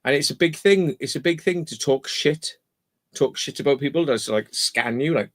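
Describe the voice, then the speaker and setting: A man's voice: mid-range voice, moderate pace. A Welsh man from Wales, a podcast host telling stories in casual chat, blunt and full of swearing.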